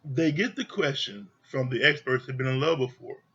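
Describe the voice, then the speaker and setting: A man's voice: medium pitch, lively intonation, moderate pace, sharp tone, slightly rough, dull audio. A man giving a heated, profane rant reviewing a reality TV show, exasperated and repeating his points for emphasis.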